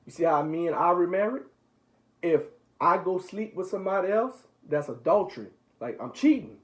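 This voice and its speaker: A young man leading a Bible study for his little brother, reading passages and retelling them in relaxed slang. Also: high voice, moderate pace, rough recording. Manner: paraphrases scripture in relaxed slang. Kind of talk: casual Bible reading and explaining.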